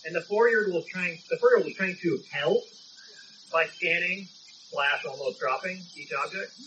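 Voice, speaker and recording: A man's voice: high voice, normal speed, sharp tone, lo-fi sound, slight background noise. A man preaching a sermon, telling a story in an emphatic, conversational way. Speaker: pastor.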